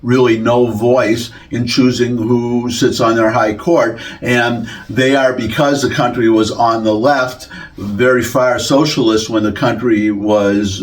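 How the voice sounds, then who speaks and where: A man from the United States giving a rambling solo commentary, full of restarts and self-corrections. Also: medium pitch. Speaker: political commentator.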